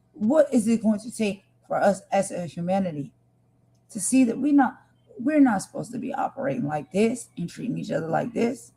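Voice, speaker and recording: In an emotional livestream, the woman host talks to her viewers directly, earnest and impassioned. Her voice has a medium pitch, a dark tone and a breathy edge.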